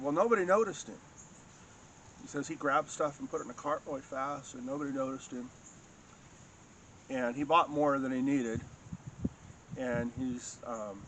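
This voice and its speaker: A man casually telling a long personal anecdote in a rambling, halting way, full of restarts and fillers. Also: mid-range voice, a bit bright, a little hiss or hum. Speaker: storyteller recounting a personal encounter. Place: home in a rural farming area.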